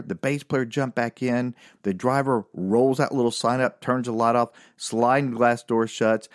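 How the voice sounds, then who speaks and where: Animated man telling a wild story. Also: medium pitch, no echo, clean studio sound. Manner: animated, rambling, laughs at his own story. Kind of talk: casual anecdote.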